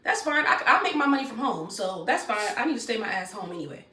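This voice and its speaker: A woman's voice: mid-range voice, sing-song, quick pace, few pauses, pushed and bright, slight background noise. Blunt young woman telling a story. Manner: blunt, talks straight to viewers. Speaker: vlogger. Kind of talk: storytime vlog. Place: room at home. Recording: echoey room, mic at a distance.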